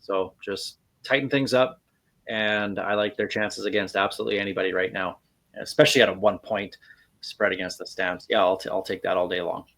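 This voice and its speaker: A man's voice: deep voice, fairly even intonation, brisk, fairly bright tone. A man hosting a sports podcast, chatting casually and thinking aloud with fillers. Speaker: podcast host.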